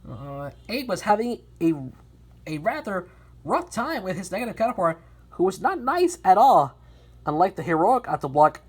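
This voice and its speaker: A woman's voice: medium pitch, moderate pace, breathy edge. A woman reading a fan storybook aloud, often stumbling and restarting lines. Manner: lively, with frequent restarts and stumbles.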